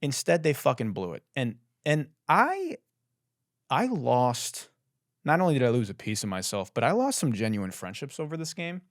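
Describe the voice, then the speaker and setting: Lively mock-dramatic young man. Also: medium pitch, normal speed, no room sound, clean studio sound. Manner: mock-dramatic, profane, boastful. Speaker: podcast host. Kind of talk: comedic monologue.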